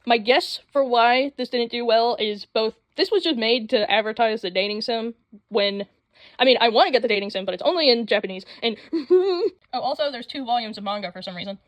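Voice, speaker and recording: A young woman rambling excitedly about anime in a casual vlog, full of fillers and sudden jumps in voice. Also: fairly high pitch, no room sound. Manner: rambling, excitable, with frequent fillers and quick voice switches. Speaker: anime vlogger. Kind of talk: casual chat. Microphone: phone mic.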